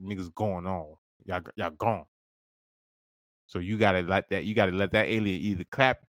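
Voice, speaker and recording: A man co-hosting a podcast, telling a wild comic story in a loose, profane way, laughing often and jumping into squeaky high voices. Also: no room sound. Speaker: podcast co-host. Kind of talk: casual comedic storytelling.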